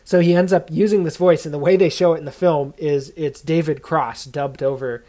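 A man's voice: fairly high pitch, steady tone, moderate pace, hardly any pauses, dark tone. A man hosting his own podcast, reviewing a film in a loose, conversational way with frequent fillers. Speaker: podcast host. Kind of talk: casual spoken film review.

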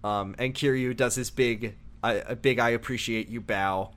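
Casual male co-host, playful storyteller, dips into quick character bits. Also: medium pitch, fairly even intonation, fairly bright tone, smooth. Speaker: co-host recapping a video game. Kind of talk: casual chat.

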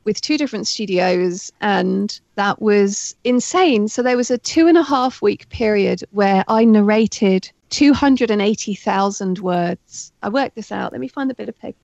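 A woman getting over a heavy cold, talking as a guest in a casual interview over a remote call, chatty and excitable and laughing often. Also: medium pitch, normal speed, gravelly, hardly any pauses, no room sound, highs cut off. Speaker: guest, author and audiobook narrator.

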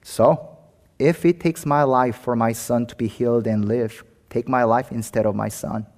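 A man's voice: mid-range voice, fairly even intonation, moderate pace, a little mellow. A man preaching a sermon as pastor, speaking with rising passion and emphatic peaks. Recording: long hall reverb.

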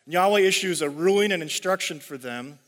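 A man's voice: high voice, a little fast, fairly bright tone. A young adult male pastor giving a conversational sermon, full of fillers and frequent "right?" check-ins. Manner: conversational, filler-heavy, keeps asking "right?". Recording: long hall reverb.

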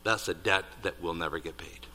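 A man preaching a sermon, building to loud peaks on key points and dropping to hushed asides. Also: low-pitched, fairly quick, slight background noise. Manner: animated, rising to near-shouts on emphasis, dropping to hushed asides. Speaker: pastor. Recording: reverberant hall.

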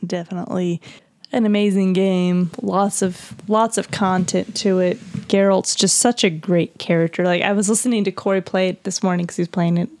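A woman's voice: lowish voice, steady tone, moderate pace, a little mellow. Enthusiastic woman chatting about games. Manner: enthusiastic, many fillers. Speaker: podcast co-host. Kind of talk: casual game chat.

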